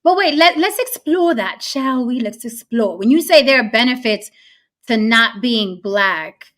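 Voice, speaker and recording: A woman hosting a casual panel discussion, talking in an animated, emphatic way and acting out voices she quotes. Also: on the high side, measured pace. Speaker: panel host.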